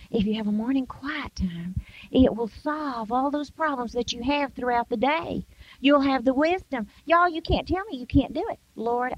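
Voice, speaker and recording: Speaking in a high voice, an older woman from the United States delivers an emphatic Christian devotional message and acts out common excuses in quoted voices. The audio is dull, dry and echo-free.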